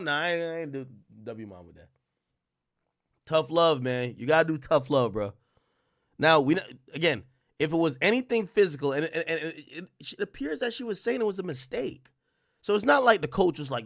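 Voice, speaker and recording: A man hosting a livestream, reacting to a clip in an animated, slangy, profane way and thinking out loud. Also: a little high, normal speed. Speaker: livestream commentary host. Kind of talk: live-stream reaction commentary.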